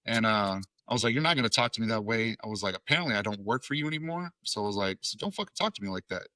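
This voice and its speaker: A man in his thirties from Tennessee tells a story as a podcast guest. His voice is bright and forceful. He swears easily and slips into the voices of everyone in the story, and the recording is dry and close. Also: on the low side, lively intonation, racing, no echo. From Tennessee, USA. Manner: profane, acts out quoted dialogue. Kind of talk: casual storytelling.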